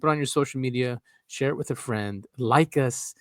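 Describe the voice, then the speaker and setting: A man's voice: mid-range voice, normal speed, dry recording, studio quality. Laid-back man plugging his podcast. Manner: laid-back, leans on "you know", upbeat when plugging the show. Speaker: podcast co-host. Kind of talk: casual chat.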